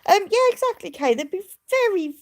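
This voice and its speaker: A woman's voice: very high-pitched, sing-song, a little fast. A woman keeping sheep, chatting casually on a livestream, answering viewer questions and cooing at her animals. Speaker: sheep keeper and livestream host.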